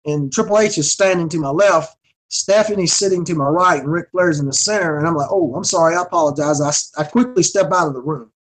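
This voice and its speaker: Stammering man telling a story, high voice. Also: rough recording. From North Carolina, USA. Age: 40s. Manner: stammering, repeats words when excited. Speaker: guest, professional wrestler. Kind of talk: casual storytelling.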